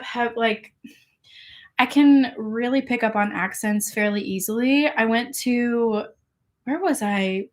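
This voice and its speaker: Chatty young woman on a livestream. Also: fairly high pitch. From England. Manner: chatty, laughs often, reads and answers chat comments. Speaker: online seller doing a livestream. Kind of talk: casual livestream chat.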